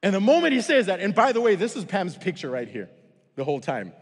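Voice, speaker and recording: A man from Africa preaching a sermon in a church auditorium, with animated, expressive storytelling. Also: sits high, quick pace, slight background noise. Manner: animated and expressive, acting out dialogue, then earnest in the closing challenge. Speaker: guest pastor. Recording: long church-hall reverb.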